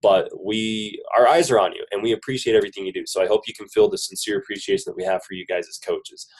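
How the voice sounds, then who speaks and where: A man's voice: lowish voice, steady tone, fast talker, rough recording. Upbeat man with a head cold. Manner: upbeat, chatty, joking praise. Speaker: business team leader on a coaching call. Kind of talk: casual conference-call pep talk. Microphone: phone conference call.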